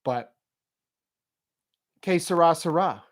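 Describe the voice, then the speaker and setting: Chatty, slightly high-voiced man. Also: slow. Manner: animated, laughs while telling stories. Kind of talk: casual storytelling and motivational talk.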